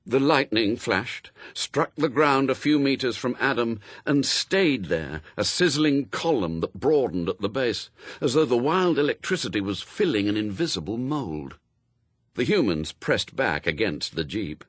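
A man narrating a storybook in a wry, expressive reading, close to the mic. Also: medium pitch, unhurried, no echo. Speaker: audiobook narrator. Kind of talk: scripted narration.

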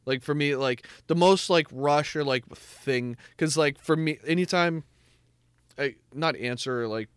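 A man's voice: on the high side, measured pace, clean tone, dry recording. Rambling young man, casual podcast chat. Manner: rambling, filler-heavy storytelling. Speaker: podcast co-host. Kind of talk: casual chat between brothers.

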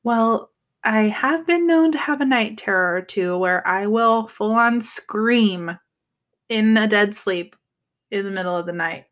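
A woman's voice: medium pitch, measured pace. A young woman in casual chat, telling a story with lots of acted-out quotes. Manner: animated storyteller acting out quotes.

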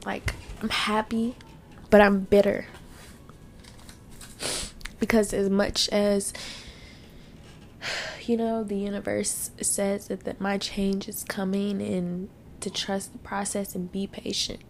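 A woman's voice: medium pitch, little pitch movement, takes it slowly, creaky, pauses often, slight background noise. A young woman hosting a podcast, venting bluntly through tears and sniffles in a casual monologue, swearing freely. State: tearful, sniffling. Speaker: podcast host.

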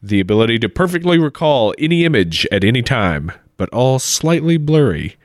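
A man co-hosting a casual podcast, talking in an animated, halting way with many repeated words. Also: medium pitch, no room sound, studio quality. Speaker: podcast co-host. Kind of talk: casual chat reading listener mail.

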